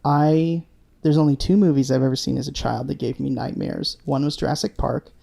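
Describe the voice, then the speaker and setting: Male co-host, gravelly voice, wry humor. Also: mid-range voice, a little fast, dark tone. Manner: dry, wry asides. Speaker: podcast co-host. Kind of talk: casual chat.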